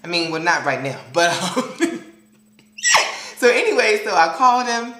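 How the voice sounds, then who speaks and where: A man vlogging to his viewers, telling a story in an animated, dramatic and sassy way. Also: sits high, unhurried, roomy sound. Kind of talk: casual storytelling vlog.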